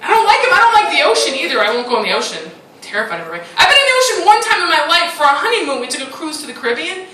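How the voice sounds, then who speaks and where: A woman performing a stand-up comedy set on a club stage, animated and teasing. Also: sits high, rapid-fire, few pauses. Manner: animated, teasing, playful put-on voices. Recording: roomy live club recording from a distance, loud noise.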